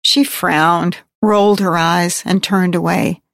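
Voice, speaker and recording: Woman narrator for a literary audiobook, reflective and wry, unhurried, dry mic. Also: lowish voice, fairly even intonation, creaky, no echo. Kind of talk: first-person audiobook narration.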